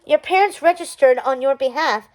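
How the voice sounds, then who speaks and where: A woman voicing a gentle, wistful fairy girl in a storybook read-aloud. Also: high-pitched, normal speed, lightly acted, poor audio.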